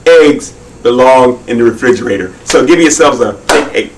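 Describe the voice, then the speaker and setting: A man's voice: mid-range voice, animated, moderate pace, recorded from a distance, slight background noise, low-quality recording. A man hosting a children's magic show, talking viewers through his tricks in a friendly, instructive way.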